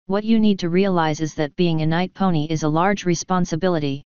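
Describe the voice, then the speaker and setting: Woman reading as wise regal pony princess, formal and gentle, low clear voice, dry dull recording. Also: steady tone, brisk, dry recording, natural voice. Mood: calm.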